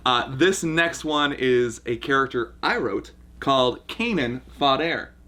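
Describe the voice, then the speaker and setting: Male host, bright tone, easygoing banter. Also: mid-range voice, animated. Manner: laid-back banter with quick laughs. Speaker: show host and writer. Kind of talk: casual commentary chat.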